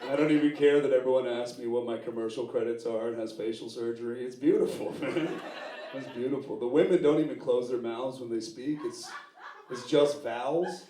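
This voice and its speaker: A man from New York City doing a stand-up comedy set, animated and profane, laughing at his own jokes and slipping into put-on voices. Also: mid-range voice, brisk. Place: live comedy venue with audience. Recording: roomy, distant live room sound with noise.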